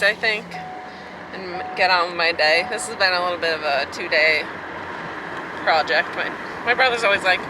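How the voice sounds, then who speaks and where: A young American woman vlogging casually on her farm, chatty and excitable, a little out of breath. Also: on the low side, moderate pace, noisy background. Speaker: farmer vlogger. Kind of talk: casual vlog narration. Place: outdoors on a farm.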